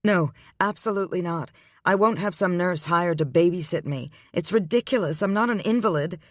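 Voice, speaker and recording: A man's voice: sits high, normal speed, dry recording, clean studio sound, voice pushed up, lightly acted. A male audiobook reader voicing a stubborn, indignant young pregnant woman who talks back sharply. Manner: sharp and defiant.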